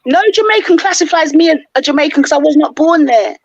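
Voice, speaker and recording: A woman's voice: high voice, fast talker, lo-fi sound, a crowd in the background. A woman from England arguing and mocking a man in a heated panel debate. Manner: taunting, mocking. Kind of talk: heated argument.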